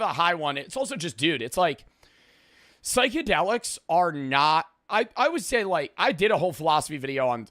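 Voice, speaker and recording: A man in his twenties rambling through profane, lively stories and reactions as a streamer. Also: medium pitch, no echo, clean studio sound. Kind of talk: casual reaction commentary.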